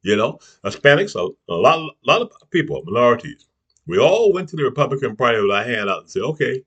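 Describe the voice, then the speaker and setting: Man, YouTube commentator, angry preachy rant, husky, lively pitch, frequent "huh?" tags. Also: fast, lo-fi sound. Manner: preachy, keeps tossing in "huh?" and "you see what I'm saying"; angry, name-calling. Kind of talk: impassioned political rant to camera.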